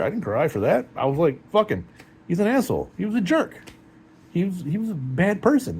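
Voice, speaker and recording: A heartbroken man talking in a rambling, halting, emotional way in a personal confessional vlog. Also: medium pitch, mellow, slight background noise.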